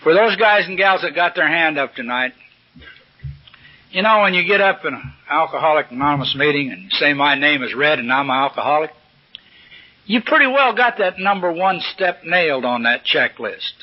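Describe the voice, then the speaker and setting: A man's voice: fairly high pitch, lively intonation, normal speed. An older man speaking at a recovery meeting, telling stories in a folksy, salty, humorous way from a podium. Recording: dull lo-fi old recording.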